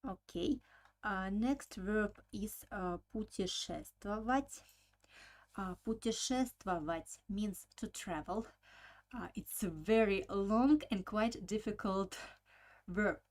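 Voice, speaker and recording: Slow, hesitant woman teaching a language. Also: medium pitch. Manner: hesitant, many filler sounds, repeats words for drilling. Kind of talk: slow explanatory language lesson.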